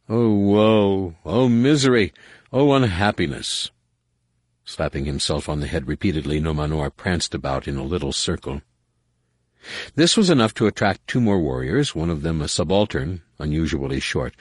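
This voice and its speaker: A man reading a novel aloud as an audiobook narrator, with measured, expressive delivery. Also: very deep voice, slightly rough, no room sound, studio quality. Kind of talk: scripted narration.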